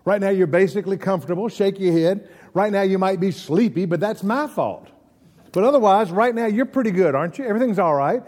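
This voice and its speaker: A man's voice: high voice, expressive, brisk, darkish tone, long reverb tail. A man preaching a folksy sermon, telling stories and asking the congregation questions. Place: church.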